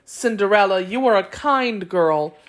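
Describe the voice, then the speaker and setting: A woman reading aloud, voicing a gentle, kind fairy godmother in a storybook. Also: medium pitch, expressive, a little slow, close to an everyday voice. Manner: gentle, soft-spoken.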